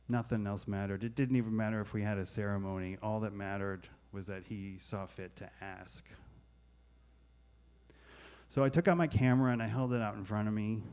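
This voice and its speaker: A man's voice: fairly low pitch, darkish tone, smooth. A man telling a candid, wry personal story on stage at a live storytelling event, speaking into a stage microphone. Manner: candid, wry, self-deprecating.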